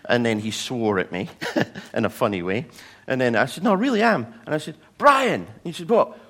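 A man's voice: medium pitch, brisk. A man preaching a sermon, telling personal stories and acting out the people in them. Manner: storytelling, animated voices for quoted people. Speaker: pastor.

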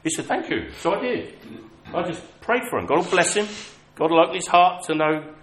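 A man's voice: fairly high pitch, big pitch swings, normal speed, fairly bright tone, slight background noise. A man preaching a sermon, telling personal stories in a conversational, self-mocking way. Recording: echoey hall with faint ambience.

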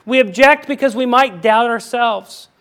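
High-voiced, animated preaching man. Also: unhurried. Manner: animated, emphatic, repeats himself with "I mean". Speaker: pastor. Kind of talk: sermon.

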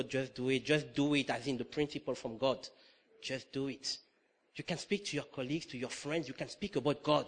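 A middle-aged man preaching a sermon, telling a personal story with lively acted-out dialogue and frequent laughter. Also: medium pitch. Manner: animated storytelling, acts out dialogue, laughs often.

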